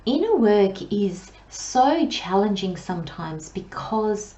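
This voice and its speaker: Slow, gentle woman reading tarot. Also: mid-range voice, animated, reverberant, highs cut off. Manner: slow, gentle, soothing delivery with drawn-out pauses; drops into soft near-whispers. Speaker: tarot reader. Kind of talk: pick-a-card tarot reading.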